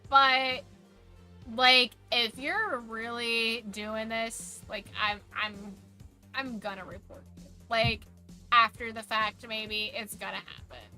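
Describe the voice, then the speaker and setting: A woman streamer with a mild Southern American accent, chatting casually with her chat in a rambling way, her voice going a bit hoarse. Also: on the high side, fairly even intonation, slow pace, sharp tone, faint music behind. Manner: rambling, many "like" fillers and restarts.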